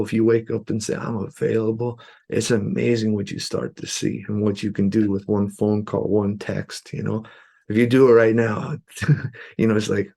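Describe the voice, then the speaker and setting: Male podcast guest, gravelly, earnest storyteller who keeps it loose and conversational. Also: fairly low pitch, darkish tone. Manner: loose and earnest, many "you know" fillers.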